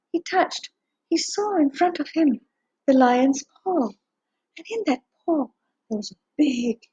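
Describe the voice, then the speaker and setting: Woman storyteller, high voice, slow, expressive, hushed at tense moments, dull lo-fi recording. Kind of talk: gentle read-aloud storytelling.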